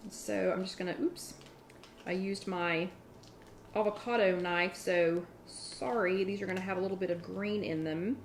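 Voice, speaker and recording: Broadcasting from her home kitchen, a woman with a fairly low pitch and fairly even intonation runs a casual live cooking chat as an online workshop host. Her speech is normal in speed, chatty and rambling, with frequent restarted sentences, and there's a little hiss or hum on the recording.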